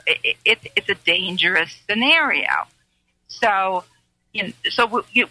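Lady reporter chatting on a talk show, super bright tone, kinda halting, lots of um and you know. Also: mid-range voice, low-quality recording. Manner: halting, storytelling with many fillers. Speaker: co-host, reporter.

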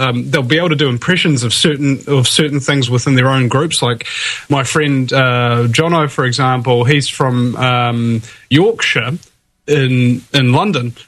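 A man's voice: mid-range voice, fairly bright tone. A man with a New Zealand accent, a guest on a call-in show, telling a rambling tall tale with a straight face. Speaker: guest radio host. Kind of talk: casual call-in chat.

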